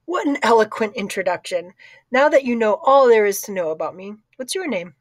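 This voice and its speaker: A woman's voice: medium pitch, lively intonation, a little fast, dry recording, clean studio sound, natural voice. A woman reading as a cheerful teenage girl in an audiobook, chatty and upbeat. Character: cheerful teenage girl library helper, quick to laugh. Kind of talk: audiobook character voice.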